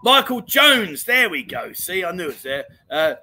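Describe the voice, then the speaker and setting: Bright-voiced chatty man. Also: a little high, big pitch swings, normal speed, poor audio. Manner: chatty and matey, keeps calling people mate. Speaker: livestream chat show host. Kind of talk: casual livestream chat reading viewer comments. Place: home in Pattaya.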